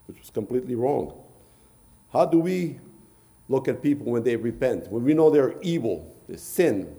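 A man's voice: mid-range voice, lively intonation, moderate pace, dark tone. A man preaching a sermon, retelling scripture in archaic phrasing and often repeating words.

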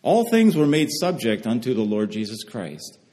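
A man's voice: mid-range voice, big pitch swings, normal speed, dark tone. A man preaching a sermon in an earnest way, often repeating phrases for emphasis. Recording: long hall reverb.

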